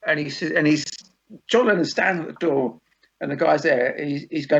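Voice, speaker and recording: A man hosting a podcast in casual chat, an animated storyteller who acts out quoted lines. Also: on the high side, normal speed, creaky. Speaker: podcast host. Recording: dull lo-fi podcast audio.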